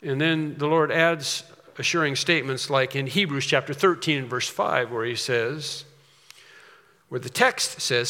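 Bright-voiced man preaching in an echoing hall. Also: on the high side, normal speed. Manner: emphatic, repeats key phrases. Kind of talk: sermon. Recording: long reverb of a large hall.

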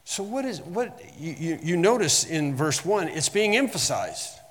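A man's voice: fairly high pitch, sing-song, measured pace, in a large hall. A man teaching a Bible lesson as a sermon, quoting verses with emphasis and often restarting phrases.

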